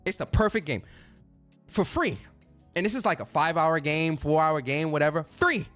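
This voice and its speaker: A man's voice: fairly high pitch, lively intonation, moderate pace, a bit bright, faint music behind. A man hosting a gaming stream in a casual, profane rant, repeating phrases for emphasis.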